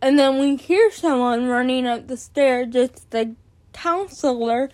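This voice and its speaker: Woman with a high voice, unhurried, venting about stuff casually with some swearing. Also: a little mellow. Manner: exasperated, swears casually, rhetorical asides. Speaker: podcast host. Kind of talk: casual personal storytelling.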